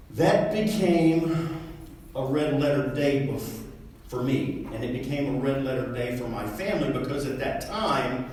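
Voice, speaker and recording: A man's voice: medium pitch, darkish tone. A middle-aged man giving a motivational talk to a live audience, telling a folksy story and acting out the dialogue with his father. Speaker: motivational speaker. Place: large hall with an audience. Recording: echoey hall, mic far off.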